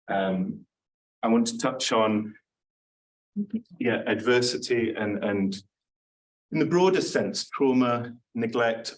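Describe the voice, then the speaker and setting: A man with a lowish voice gives a lecture in a relaxed, informal way. He fills his sentences with ums and false starts. He sounds slightly distant from the microphone. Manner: informal, self-deprecating, with many fillers and restarts. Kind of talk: academic talk to an audience.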